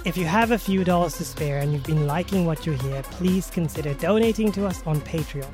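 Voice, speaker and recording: A woman's voice: deep voice, a little fast, over music. A woman podcast host narrating her moves in a tabletop game, casual and rambling. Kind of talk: tabletop role-play narration.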